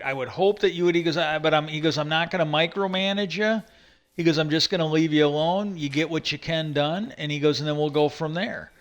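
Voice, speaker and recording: Guy on his livestream rambling thru a story, voice a bit on the high side, lots of he goes and uh. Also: fairly bright tone. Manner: retells stories with many "he goes", frequent restarts and fillers. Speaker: livestream host. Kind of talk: rambling casual monologue.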